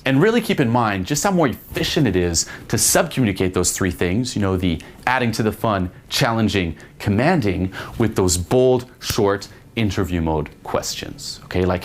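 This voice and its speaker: Young male dating coach with a low-leaning voice; casual, profane, keeps asking "okay?". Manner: casual, swears, says "okay?" and "you know" often. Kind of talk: spoken lesson with acted examples.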